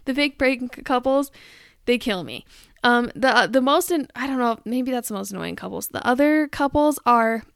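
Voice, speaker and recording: A woman's voice: fairly high pitch, expressive, moderate pace, creaky, no room sound, clean studio sound. A woman hosting her own show, chatting and ranting in a rambling, amused, exasperated way. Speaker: host. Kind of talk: casual chat rant.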